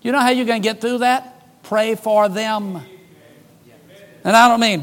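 Pastor, male, high voice, folksy preaching, wry asides, dynamic delivery. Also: fairly even intonation, measured pace, long pauses. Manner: folksy, joking asides, shifts between loud emphasis and hushed lines. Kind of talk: sermon.

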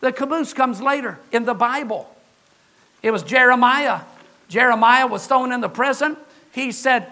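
A man preaching a sermon as pastor, older, with impassioned delivery that rises to shouts on key words. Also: very high voice, animated, normal speed.

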